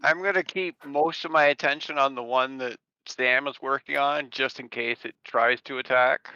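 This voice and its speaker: A man's voice: mid-range voice, fairly even intonation, moderate pace, sharp tone, smooth, dry recording. A man playing a tabletop game, stating his plan in a matter-of-fact way over a dull lo-fi mic. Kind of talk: casual game chat.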